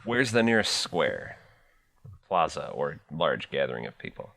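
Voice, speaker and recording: A man's voice: extremely low pitch, sing-song, unhurried, gravelly, a bit bright. A man playing in a tabletop game podcast, laid-back and wry as he talks. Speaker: player. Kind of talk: casual podcast chat.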